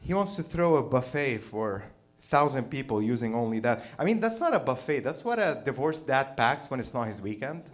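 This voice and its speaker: A male comedian runs through an irreverent stand-up set. His voice sits in a middle register. His delivery swings up and down with lively inflection. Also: mid-range voice, normal speed, hardly any pauses, a little hiss or hum. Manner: irreverent, animated storytelling. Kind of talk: stand-up routine.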